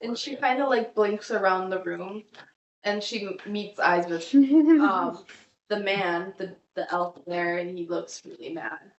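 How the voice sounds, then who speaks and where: A woman's voice: mid-range voice, animated, a little slow, muffled recording. A woman running a tabletop game as game master, narrating in a giggly, hesitant way. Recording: echoey room, distant mic.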